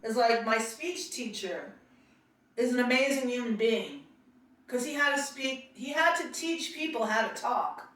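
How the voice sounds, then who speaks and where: A woman's voice: a little high, expressive, a little slow, fairly bright tone, heavy reverb, recorded from a distance, soft background music. A woman from Queens with a New York accent, telling stories about acting class in a chatty way and acting out quotes. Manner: chatty, laughs often, acts out quotes. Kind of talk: casual storytelling monologue.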